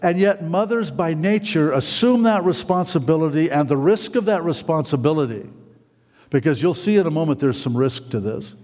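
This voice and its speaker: A man's voice: fairly high pitch, animated, moderate pace, darkish tone. A middle-aged man preaching a sermon in a church hall, rambling with many fillers and restarts and putting questions to the congregation. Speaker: pastor.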